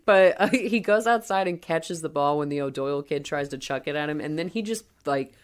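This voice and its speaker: A woman in her thirties co-hosting a podcast, recapping a movie in casual, animated chat and laughing as she talks. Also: low-pitched, brisk, smooth. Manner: animated storytelling, laughs while talking. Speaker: podcast co-host.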